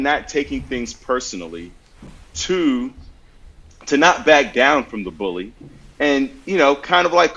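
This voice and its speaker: A man's voice: fairly high pitch, a bit bright, dull audio. A man on a podcast giving earnest, conversational advice and telling anecdotes as examples. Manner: earnest, storytelling with acted-out examples. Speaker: podcast guest giving mental health advice.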